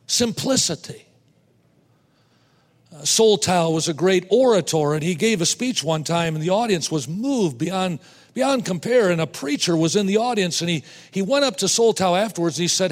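A man preaching a sermon to fellow preachers, emphatic, repeating words and slowing down to stress points. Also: sits high, lively intonation, long reverb tail. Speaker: preacher teaching other preachers.

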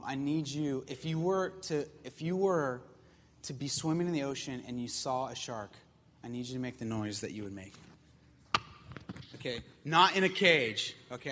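A man preaching to young people, lively and joking, asking the crowd questions and bringing a volunteer up on stage. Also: mid-range voice, big-room sound, slight background noise. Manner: lively, jokey, talks straight to the crowd. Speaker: youth pastor. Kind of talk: sermon with audience participation.

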